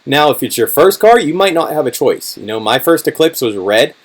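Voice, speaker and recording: A man hosting a casual livestream, with a hoarse, worn-out voice, talking loosely with lots of fillers as he answers chat. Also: fairly high pitch, very animated, fairly quick. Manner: chatty, many fillers, car-enthusiast talk. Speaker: channel host answering live chat.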